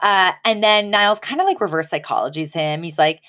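A woman co-hosting a podcast, chatting casually through a sitcom recap. She talks in a lower voice and jumps up high to act out the characters' lines. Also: brisk. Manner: animated, acts out characters' lines with pitch jumps. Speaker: podcast co-host.

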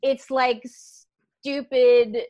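A woman in a casual chat, excitable and gushing as she talks. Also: high-pitched, drawn-out words, dull audio.

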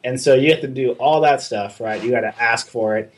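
A mid-range male voice, a little fast, belongs to a young artist casually recalling working abroad. He tells the story animatedly, acting out what people said and cursing freely throughout.

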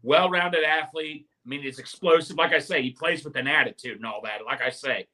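A man's voice: fairly high pitch, a little fast, pushed and bright. A man co-hosting a sports podcast in casual chat, eager and a bit defensive. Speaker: podcast co-host.

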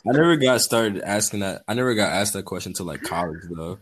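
A man's voice: on the low side, expressive, fairly quick, noisy background. A young man talking casually in a laid-back way. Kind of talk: casual chat.

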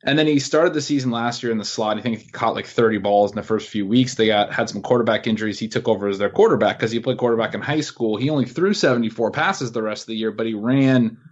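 A man co-hosting a fantasy football podcast, giving a measured, stat-heavy player breakdown. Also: lowish voice. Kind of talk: casual podcast analysis. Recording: muffled lo-fi audio.

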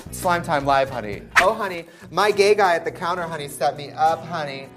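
A man's voice: on the high side, a little fast, over music. A man trading campy comedic banter as co-host. He keeps calling people "honey" and laughs often.

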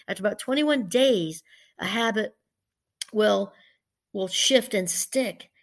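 A middle-aged woman, a professor, talking casually and warmly about gratitude, rambling a little and laughing through her stories. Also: mid-range voice. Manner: chatty, rambling, laughs while telling stories. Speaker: professor and podcast host. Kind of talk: casual motivational talk.

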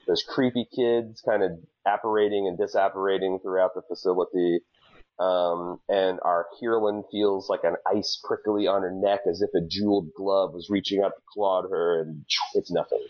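A man's voice: deep voice, normal speed, muffled recording. A man co-hosting a podcast, recapping a show in casual chat with lots of restarts and jokes. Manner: animated, stammering restarts, jokey. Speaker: podcast co-host.

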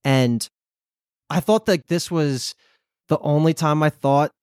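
A man co-hosting a podcast in casual chat, animated and recapping with lots of "like". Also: fairly high pitch, slow pace, dry recording, clean studio sound. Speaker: podcast co-host.

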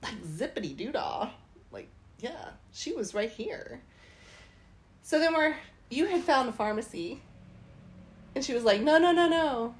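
A woman casually telling a travel story, animated and laughing as she goes. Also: on the high side, measured pace, long pauses. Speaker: travel vlogger.

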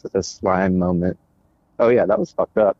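A man co-hosts a casual podcast, tossing jokes back and building on his partner's riffs. His voice is low-pitched with a husky edge. The audio sounds dull and lo-fi. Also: normal speed, mellow, no room sound. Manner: joking, riffs on the other host's bits. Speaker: podcast co-host. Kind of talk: casual chat.

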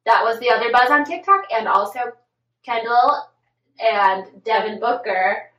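A woman's voice: on the high side, measured pace, fairly bright tone, lo-fi sound. A woman co-hosting a podcast, chatting casually about celebrity gossip and filling her talk with "like". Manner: chatty, many "like" fillers. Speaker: podcast co-host. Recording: echoey room, far from mic.

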